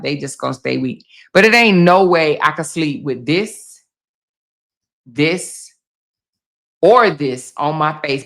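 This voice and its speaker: A woman talks straight to her viewers in a loud, bright, forceful voice. She is blunt and profane and laughs often while chatting casually and reading comments on her live stream. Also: deep voice.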